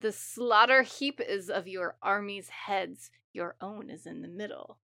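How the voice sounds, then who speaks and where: An ominous ancient hag of the waters speaks from a spoken folk tale, read by a woman. The voice stays close to the reader's own, unhurried and bright, with a dry, close sound. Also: medium pitch, vocal fry, no room sound. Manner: read aloud plainly from a story.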